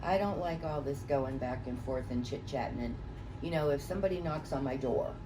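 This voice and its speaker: A woman's voice: a bass voice, fairly quick. A middle-aged woman running a real estate training session, telling folksy stories to a small group. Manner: folksy, anecdotal, chatty storytelling. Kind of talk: classroom training talk. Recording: distant mic with room noise.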